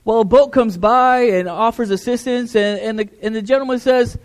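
High-voiced man preaching a sermon. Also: fairly even intonation, normal speed. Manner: conversational preaching with repeated words and rising emphasis. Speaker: pastor.

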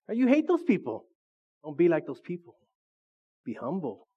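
A man's voice: a little high, big pitch swings, normal speed, a little mellow. A middle-aged man preaching a sermon as pastor, joking and calling for answers from the congregation. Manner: joking, call-and-response with the congregation. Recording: dull lo-fi recording.

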